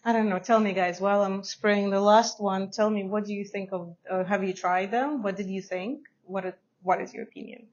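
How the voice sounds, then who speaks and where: A woman's voice: mid-range voice, fairly even intonation, normal speed, few pauses, muffled recording. A woman who is not a native English speaker, reviewing fragrances in a chatty, hesitant way and laughing often. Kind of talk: casual review to camera.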